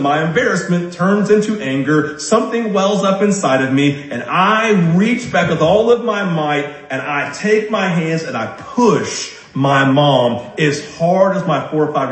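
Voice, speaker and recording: Male pastor, slightly high voice, preaching in an echoey room, repeats key points, keeps asking "right?". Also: animated. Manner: repeats key lines slowly for emphasis; frequent tag question "right?". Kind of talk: sermon. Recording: roomy echo.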